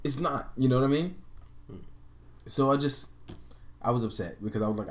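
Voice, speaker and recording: A man's voice: mid-range voice, moderate pace, pauses often. A man in a casual group chat, telling stories animatedly and swearing freely. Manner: animated storyteller, swears freely, acts out people in dialogue.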